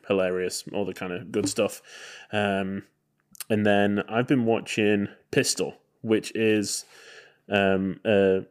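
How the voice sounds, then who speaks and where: Rambling man co-hosting with many ums. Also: lowish voice. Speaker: podcast co-host. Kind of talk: casual podcast chat.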